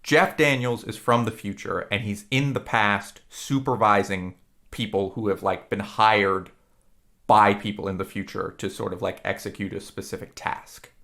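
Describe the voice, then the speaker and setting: Podcast co-host, male, low gravelly voice, rambling and profane. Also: fairly even intonation, a bit bright. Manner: rambling, profane, retells scenes with quick impressions. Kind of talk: casual podcast chat.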